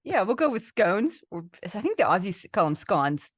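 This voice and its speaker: A woman's voice: mid-range voice, big pitch swings, moderate pace, slightly rough, no room sound, clean studio sound. A woman with a Canadian accent, a guest on a podcast, chatting cheerfully and laughing often. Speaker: guest, leadership author. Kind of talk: casual interview chat.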